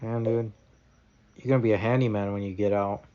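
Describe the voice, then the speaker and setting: A man's voice: lowish voice, fairly even intonation, a little fast, dark tone, clear, resonant tone, dull audio. A man hosting a casual podcast, laid-back, asking short questions and trailing off. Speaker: podcast host. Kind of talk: casual interview.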